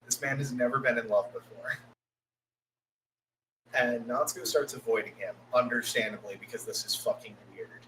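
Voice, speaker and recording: This man co-hosts a podcast and walks his friends through an anime episode in a loose, profane way. He acts out the characters' quoted lines mid-story, at an everyday middle pitch, with a faint hum underneath. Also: moderate pace, fairly bright tone, poor audio. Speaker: podcast co-host. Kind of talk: casual anime episode recap.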